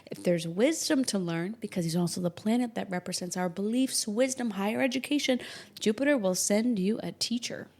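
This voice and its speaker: An animated woman hosts an astrology podcast, speaking casually and with humor. Her pitch sits in a middle range, and she keeps slipping into playful acted-out remarks. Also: fairly quick. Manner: animated, jokey, acts out imagined quotes in varied voices. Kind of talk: casual explanatory podcast talk.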